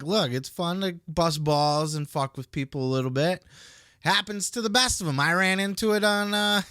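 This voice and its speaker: Bright, clear man, heated and profane. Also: on the high side, no room sound, studio quality. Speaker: podcast host. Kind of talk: podcast commentary rant.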